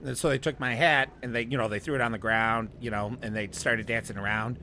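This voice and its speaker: A man's voice: mid-range voice, fairly even intonation, brisk, pushed and bright, a little hiss or hum. A man telling a long, rambling personal story in casual chat, often laughing and restarting.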